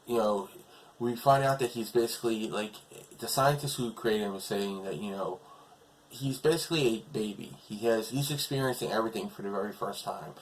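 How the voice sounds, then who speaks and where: A man's voice: fairly low pitch, slight background noise, low-quality recording. A man casually retelling a TV episode as a reviewer, rambling along with lots of fillers.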